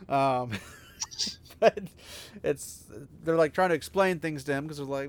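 A man co-hosting a podcast, reading a novel aloud and chatting about it casually, giggling and animated. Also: on the high side, measured pace.

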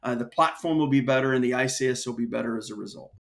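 An American association executive appears as a guest on an interview podcast, speaking fast in a creaky, mid-range voice. He's earnest and tells stories, often restarting his sentences.

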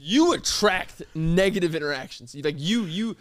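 A man's voice: high voice, lively intonation, normal speed. A man co-hosting a podcast, telling a story in casual chat and acting out the quotes with big swings in his voice. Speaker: podcast co-host. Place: podcast studio.

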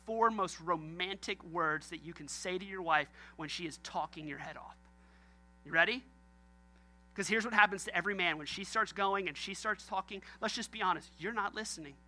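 A man's voice: sits high, a little fast, pushed and bright. A man preaching a sermon as pastor, joking and talking straight to his congregation.

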